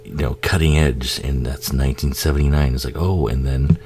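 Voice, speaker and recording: A man giving a casual, profane movie commentary, laughing often and acting out the characters in quick asides. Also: rumbling low, fairly even intonation, darkish tone, a little hiss or hum.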